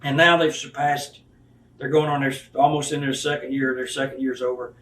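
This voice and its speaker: Here a man in his fifties, once a wrestler, tells candid stories bluntly and profanely, acting out the people he quotes. His mid-range voice is level in tone, fairly bright, and at a normal speed. The room is echoey, with a distant mic and faint hiss.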